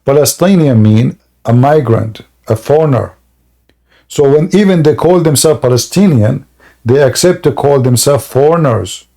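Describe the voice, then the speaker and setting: A man's voice: mid-range voice, lively intonation, moderate pace, warm tone. A man hosting a debate, lecturing insistently and repeating words to press his points. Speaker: host debating callers. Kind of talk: heated live debate.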